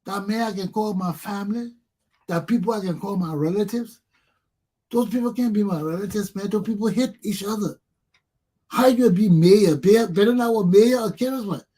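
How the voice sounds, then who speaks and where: A man's voice: sits high, moderate pace, dark tone, slightly rough. An older man, hosting a talk show and delivering an angry, profane monologue in repeated jabs. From Liberia. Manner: ranting, profane, repetitive.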